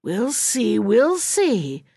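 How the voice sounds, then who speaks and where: Storybook: sly spiteful old hag, croaky and muttering, a woman voicing her. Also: fairly high pitch, huge pitch swings, drawn-out words, warm tone, no echo, clean studio sound, exaggerated voice. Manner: muttering, mocking.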